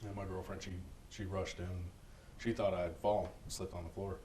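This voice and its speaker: A man with a very low, deep voice shares a personal testimony. He talks earnestly and haltingly, often restarting sentences. There is a faint hiss of noise behind him. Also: little pitch movement, dark tone, poor audio. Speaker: church member giving testimony.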